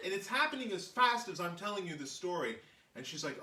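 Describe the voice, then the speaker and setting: A man's voice: high voice, fast, reverberant, distant mic, slight background noise. A man hosting a live stream, telling a story in casual chat and acting out the voices of the people in it. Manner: animated storyteller, acts out quoted voices. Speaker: show host, artist telling a story.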